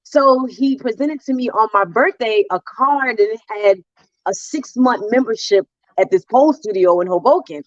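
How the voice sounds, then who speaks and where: Woman from New Jersey, lively interview guest who acts out voices, dry and dull recording. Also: a little high, normal speed, no echo. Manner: animated storyteller, acts out voices. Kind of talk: storytelling interview.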